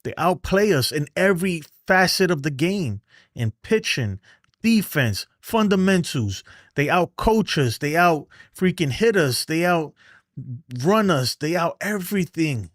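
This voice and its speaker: A man's voice: fairly high pitch, big pitch swings, measured pace, no room sound, clean studio sound. A man hosting a baseball fan show, ranting heatedly on a livestream and reading chat messages, exasperated, profane, and often repeating himself.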